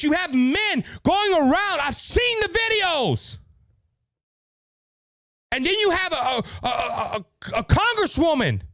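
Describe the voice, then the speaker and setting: A man's voice: extremely high pitch, no room sound. A man with a Louisiana Cajun accent hosting his podcast, ranting in heated, angry political commentary. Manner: heated, yelling, repetitive. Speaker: podcast host.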